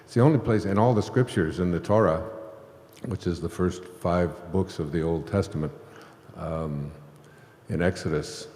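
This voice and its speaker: A man's voice: sits low, moderate pace, a little mellow. A man telling a long, rambling spiritual story on stage to a live audience, laughing now and then. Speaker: host. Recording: echoey hall.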